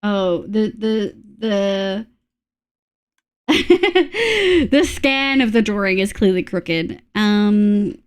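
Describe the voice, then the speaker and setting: A woman's voice: medium pitch, animated, drawn-out words, clean tone. A young woman chatting casually on a live stream, reading chat aloud between laughs. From Australia.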